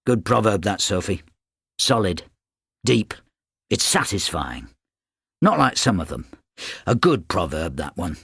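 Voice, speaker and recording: A man voicing a mild, whimsical father, speaking gently in an audiobook. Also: low-pitched, very animated, measured pace, vocal fry, pauses often, slightly rough, dry recording, studio quality, heavily acted. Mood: musing.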